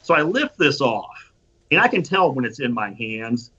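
A man casually telling an animated, profane anecdote and acting out the quotes. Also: medium pitch, normal speed, breathy edge. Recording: dull lo-fi recording.

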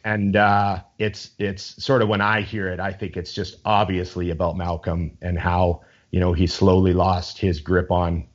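A man's voice: low-pitched, flat delivery, a little slow, hardly any pauses, lo-fi sound. A man in casual chat, rambling with enthusiasm and swearing freely as he talks.

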